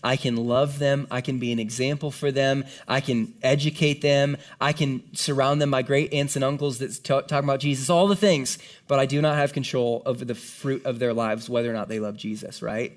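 A man's voice: mid-range voice, steady tone, brisk, few pauses. A man preaching a conversational sermon to a congregation, earnest and casual, often checking in with "right?". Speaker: pastor. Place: room with a live congregation.

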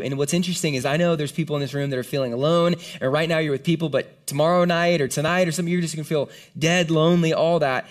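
A man preaching a casual sermon to a room full of people, talking in an animated, conversational way. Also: fairly high pitch, quick pace, few pauses. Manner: conversational, animated, lots of "like" and "right?". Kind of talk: casual sermon to a live congregation. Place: room with a gathered audience.

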